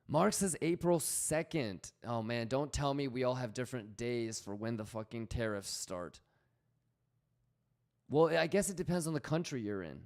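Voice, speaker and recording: A man's voice: medium pitch, animated, normal speed, darkish tone. A man hosting a casual trading livestream, slangy and swearing freely as he reads out chat messages.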